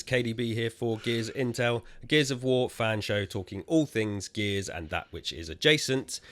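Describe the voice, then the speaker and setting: A man's voice: lowish voice, fairly bright tone. A man hosting a gaming podcast, giving teasing, jokey introductions in casual chat. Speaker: podcast host.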